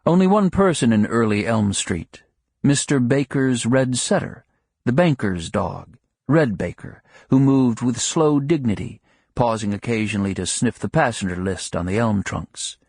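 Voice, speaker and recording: Measured male audiobook narrator, slightly husky. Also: mid-range voice, animated, a little mellow, no room sound, clean studio sound. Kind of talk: scripted literary narration.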